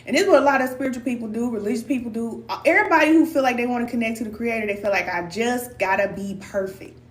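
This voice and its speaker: A woman's voice: a little high, very fast. Woman, spiritual teacher, encouraging casual pep talk, echoey room, far from the mic. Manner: warm, encouraging, calls viewers cousin, repeats for emphasis; loose colloquial speech. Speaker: spiritual teacher hosting a live stream. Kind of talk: casual live-stream pep talk to viewers. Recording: echoey room, distant mic, faint hum.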